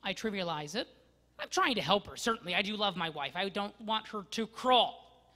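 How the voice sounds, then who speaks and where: A man preaches a sermon in a fairly high voice. He is expressive, pressing hard on some words and dropping to hushed asides on others. The sound carries a long reverb from the church sanctuary. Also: normal speed. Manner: expressive, swinging from loud emphasis to hushed asides. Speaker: pastor.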